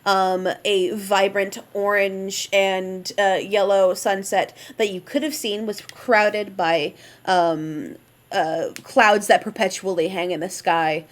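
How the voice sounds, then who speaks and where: A woman's voice: medium pitch, fairly even intonation, slow. Woman narrating as game master. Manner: hesitant, many fillers.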